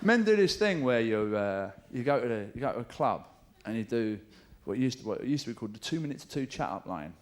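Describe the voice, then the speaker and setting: A man's voice: medium pitch, very animated, brisk, hardly any pauses, a little hiss or hum. A middle-aged man doing live stand-up, chatty and swearing, mimicking voices for jokes, with audience laughter behind him. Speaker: stand-up comedian. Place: comedy club stage.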